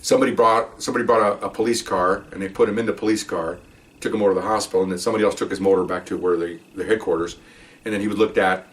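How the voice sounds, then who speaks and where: A man's voice: fairly low pitch, steady tone, very fast, distant mic. An older man, a retired police officer, telling a patrol story in a casual, rambling way full of asides and "okay?" check-ins.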